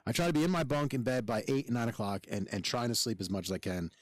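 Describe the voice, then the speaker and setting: A man's voice: mid-range voice, expressive, quick pace, no echo. A man who works as a firefighter, co-hosting a casual chat and telling a story bluntly with lots of swearing and restarts. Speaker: podcast co-host.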